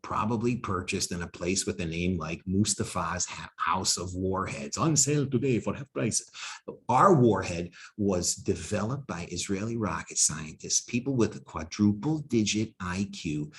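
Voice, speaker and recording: A man, a rocket scientist, giving a humorous lecture full of wry, self-deprecating asides. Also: low-pitched. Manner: energetic storyteller with quick bursts and drawn-out emphasis.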